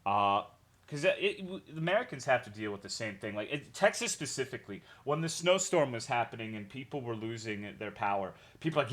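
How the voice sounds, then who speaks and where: A man's voice: medium pitch, lively intonation, fast, a bit bright. A young man streaming a game, chatting casually with his viewers in a rambling way, swearing often and greeting chat by name.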